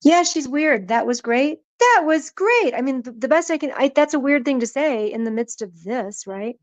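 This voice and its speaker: A woman's voice: high-pitched, moderate pace, a little mellow, no echo, rough recording. A woman hosting a live stream, chatting casually and teasing people in the chat, her voice worn out. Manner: playful, teasing, reads chat names aloud.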